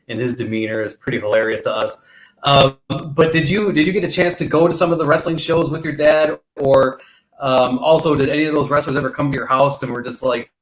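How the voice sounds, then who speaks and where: A man's voice: mid-range voice, rough recording. A man hosting a casual interview, asking rambling questions full of fillers. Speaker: host.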